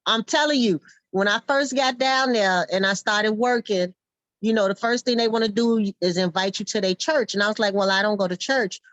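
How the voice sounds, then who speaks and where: A woman's voice: mid-range voice, moderate pace, a bit bright, no echo, poor audio. A woman telling wry, profane stories in a casual chat, laughing as she goes.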